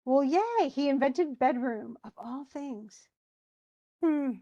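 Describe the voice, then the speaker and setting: Chatty woman teacher, fairly high voice. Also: expressive, slow, mellow, lo-fi sound. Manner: chatty and digressive, paraphrasing old text into plain words. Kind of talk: informal lesson explaining a play.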